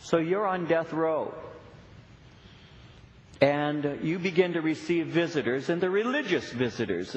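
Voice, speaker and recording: A middle-aged man preaching a sermon as a pastor, earnest and emphatic, with frequent repetitions. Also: a little high. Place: church sanctuary. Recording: echoey, dull church recording.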